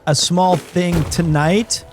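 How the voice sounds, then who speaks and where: Hoarse man streaming a game. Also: high voice, steady tone, slow pace, music in the background. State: hoarse, recovering from illness. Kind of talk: casual chat while gaming.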